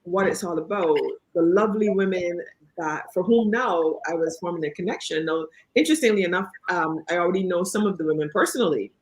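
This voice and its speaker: A woman, a guest author telling lively, laughing anecdotes in a casual interview. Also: fairly low pitch, brisk, rough recording.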